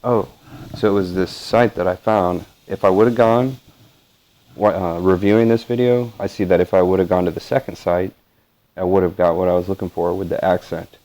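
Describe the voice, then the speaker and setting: A man's voice: deep voice, steady tone, normal speed, mellow, rough recording. A man talking through a casual vlog, meandering with frequent fillers and self-corrections. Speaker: channel host. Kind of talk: rambling casual vlog commentary.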